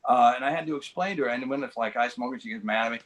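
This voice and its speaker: A man in his sixties telling comic stories over a video call, rambling and halting with lots of fillers and dry, self-mocking punchlines. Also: medium pitch. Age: 60s. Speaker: comedian guest. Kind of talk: stand-up storytelling.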